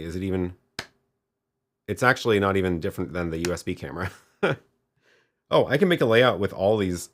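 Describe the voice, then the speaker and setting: A man with a low, deep voice runs a live gear demo, chatting casually as he works. He thinks aloud and often trails off, then restarts his sentences. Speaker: livestream host demoing video gear.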